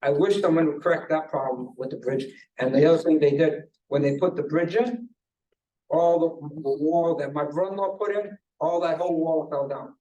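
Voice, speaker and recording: An older man giving rambling public comment at a hearing, full of anecdotes and halting restarts. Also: fairly high pitch, mellow, far from the mic, muffled recording. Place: government conference room.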